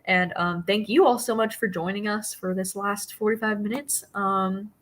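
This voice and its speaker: A woman's voice: mid-range voice, steady tone, moderate pace. A young woman hosting a casual live book chat over a video call, chatty and full of "like" and laughs. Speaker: host.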